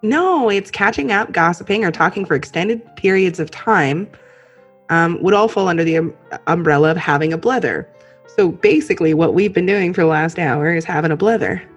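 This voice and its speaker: A woman's voice: fairly low pitch, normal speed, breathy edge, soft background music. A woman hosting a podcast, chatting casually and playfully with a friend, often laughing and saying "um". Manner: giggly, playful, lots of "um". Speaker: podcast host. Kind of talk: casual chat between friends.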